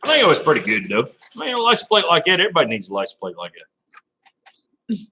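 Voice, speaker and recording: A man's voice: a little high, wildly swooping pitch, rapid-fire, sharp tone, slight background noise, poor audio. A man hosting a casual live stream, rambling and laughing as he talks to viewers by name.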